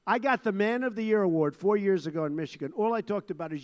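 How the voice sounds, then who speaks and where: A man's voice: high-pitched, fast talker, few pauses. An older man giving a rally speech as a political candidate, talking in an emphatic, repetitive, boastful way to a crowd. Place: large rally venue. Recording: long hall reverb from a big venue.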